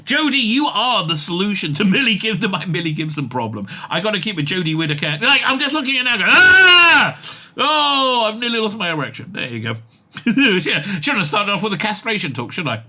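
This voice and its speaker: With a high voice and a quick pace, a man offers rambling, excitable comic commentary on an interview, packed with fillers and laughs.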